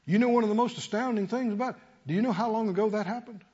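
A man's voice: high-pitched, racing, a little mellow, breathy edge. A man preaching a sermon to a congregation, calling for responses and rising to emphatic peaks. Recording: lo-fi church recording with long reverb.

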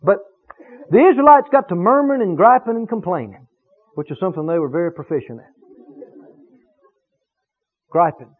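A man preaching a sermon, emphatic and animated, stretching key words for effect. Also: sits high, moderate pace, long pauses, husky. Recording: tinny phone-like radio broadcast.

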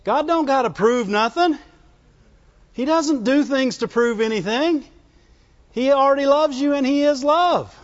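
A man's voice: very high-pitched, unhurried, in a large hall, muffled recording. A man preaching a sermon in a folksy, call-and-response way, asking the congregation to answer back.

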